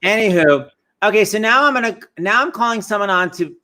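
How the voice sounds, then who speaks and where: A man hosting a show over a video call from home, quick and teasing as he introduces guests. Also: sits high, expressive, sharp tone. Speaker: show host. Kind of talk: casual video-call chat.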